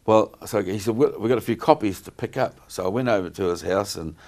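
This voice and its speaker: A middle-aged man talks in a very low voice. He wanders through his stories, stopping and restarting often with plenty of ums. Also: a little fast, darkish tone. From New Zealand. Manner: rambling, many fillers and restarts. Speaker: guest entertainer. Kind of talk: casual interview chat.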